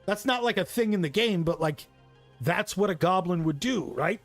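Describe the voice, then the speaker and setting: A man chatting casually and excitedly about tabletop gaming, swearing, laughing and tossing in "bro" and "right". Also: high voice, moderate pace, faint music behind.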